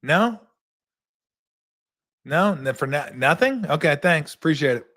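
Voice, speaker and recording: A man impersonating a blunt, gruff coach making quick, offhand phone calls. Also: fairly high pitch, lively intonation, fairly bright tone, pitched above the performer's own voice. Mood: breezy.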